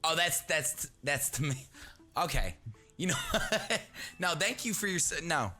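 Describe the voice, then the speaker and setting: Male player, bright animated voice, jokey in-character banter. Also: a little high, unhurried, soft background music. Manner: joking, flustered, laughs a lot. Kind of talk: in-character tabletop role-play.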